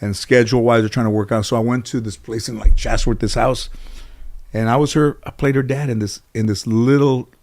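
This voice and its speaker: A man's voice: mid-range voice, a little fast. A man in a casual interview, telling long anecdotes full of fillers and restarts, and acting out the people he quotes. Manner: rambling, filler-heavy, animated when quoting others. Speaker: interview guest.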